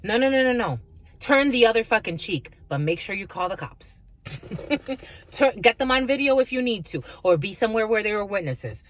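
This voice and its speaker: A woman's voice: a little high, animated, moderate pace. A woman giving a casual spiritual reading, blunt and profane, laughing often and calling listeners her lovies. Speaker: spiritual reader.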